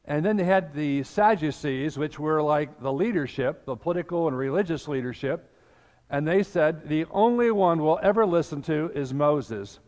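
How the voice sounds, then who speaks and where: A man's voice: fairly high pitch, lively intonation, normal speed, a little mellow. An older man preaching a sermon as pastor, telling the scripture story and acting out the voices in it. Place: church sanctuary. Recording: long church reverb.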